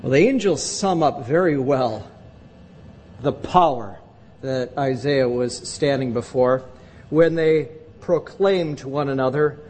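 A man's voice: slow, a little mellow. A male pastor preaching a sermon in a church, emphatic and repeating words for weight. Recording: long reverb with faint rumble.

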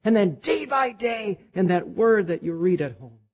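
A man preaching a sermon as a pastor, animated, his voice climbing high as he voices God speaking to the congregation. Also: moderate pace, husky.

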